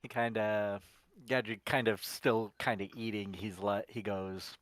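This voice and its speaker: A man chats casually as a player, describing what his character does. His voice is low and relaxed. The sound is dry and close. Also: measured pace, no room sound. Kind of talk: casual game chat.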